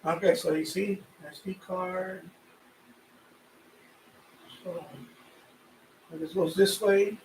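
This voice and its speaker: Chatty high-voiced man in an echoey room. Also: fairly even intonation, drawn-out words, pauses often, a little mellow, slight background noise. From Puerto Rican family, raised in New York. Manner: rambling, chatty, repeats himself. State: sweaty from the heat. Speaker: radio hobby live streamer. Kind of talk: casual live-stream chat. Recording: echoey room, voice a bit far off.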